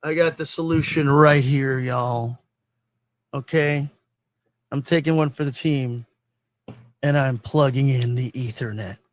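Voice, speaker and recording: A man's voice: mid-range voice, a little slow, pauses often. Laughing, rambling podcast host, male. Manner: laughs often, rambling and profane. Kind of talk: casual chat.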